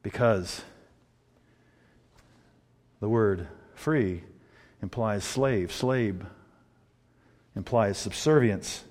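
A man's voice: lowish voice, drawn-out words, pauses often, a little mellow, long reverb tail. A man preaching a sermon, who laughs often and acts out the people he quotes in mocking voices. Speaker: pastor.

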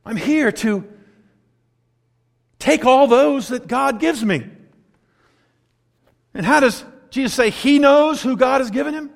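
A pastor preaching a sermon, animated and chuckling between points as he acts out quotes. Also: very high voice, slow pace, gravelly, long pauses. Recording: long hall reverb.

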